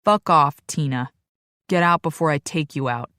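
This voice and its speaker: Woman narrator doing male biker, gruff, profane, commanding, dry close sound. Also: fairly high pitch, a little fast, no echo, close to an everyday voice. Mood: angry. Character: gruff protective male biker, crude and blunt.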